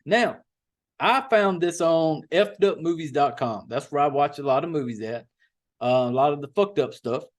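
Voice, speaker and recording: A folksy man hosts a podcast in loose, profane chat. His voice sits a little high for a man, and he rambles and drawls as he goes. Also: lively intonation, moderate pace. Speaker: podcast host.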